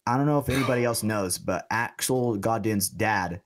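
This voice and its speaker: Young dude on a podcast, kinda low voice, cussing and telling stories, super casual. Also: male voice, moderate pace. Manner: loose, profane, storytelling, laughs often. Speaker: podcast co-host. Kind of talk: casual chat.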